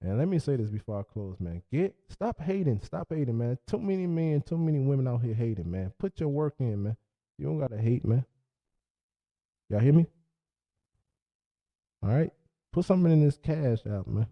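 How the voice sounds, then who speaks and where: A man hosting a relationship podcast, wrapping up the show in a loose, animated way with plenty of slang. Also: mid-range voice, normal speed, pauses often, dull audio. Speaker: podcast host. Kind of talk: casual sign-off monologue. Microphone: podcast mic.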